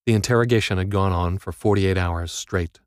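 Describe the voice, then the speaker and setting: A man narrates a first-person audiobook in a very deep, low voice. His reading is grim and wry, and the close, dry recording has no room echo. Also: brisk, smooth.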